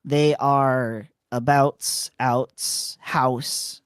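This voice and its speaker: A man's voice: medium pitch, fairly even intonation, drawn-out words, clean tone, no room sound, clean studio sound. A Canadian man with a Newfoundland accent, chatting casually and playfully while gaming on a stream. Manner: playful, hams up his accent. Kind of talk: casual chat.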